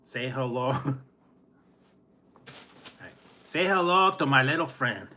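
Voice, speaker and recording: A man's voice: mid-range voice, animated, slow, pushed and bright, heavily acted. A man doing a hammy impression of a swaggering movie gangster boss, chuckling between lines.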